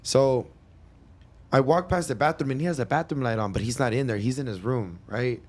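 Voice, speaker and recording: A man's voice: mid-range voice, brisk, darkish tone. A man co-hosting a podcast in casual chat, rambling through an anecdote with restarts and asides. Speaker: podcast co-host.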